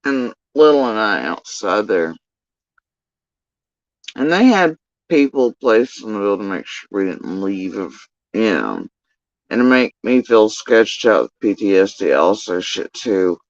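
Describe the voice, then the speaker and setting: A man's voice: on the low side, sing-song, a little slow, no room sound, highs cut off. A man telling a long story in a casual commentary rant, profane, rambling and exasperated.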